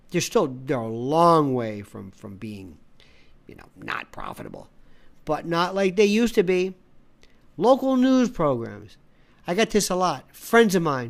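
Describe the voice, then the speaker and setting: Animated ranting political commentator. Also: medium pitch, gravelly. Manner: ranting, repeats phrases for emphasis; acts out quoted conversations. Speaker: independent media analyst. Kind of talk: opinionated commentary monologue.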